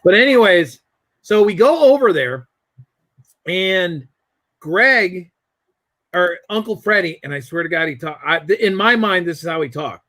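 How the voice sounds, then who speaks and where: A man telling a family story in a loose, rambling way, with frequent restarts. His voice sits a little high, and the sound is close and dry. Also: expressive, measured pace, pauses often, pushed and bright, no echo. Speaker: guest. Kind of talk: casual chat.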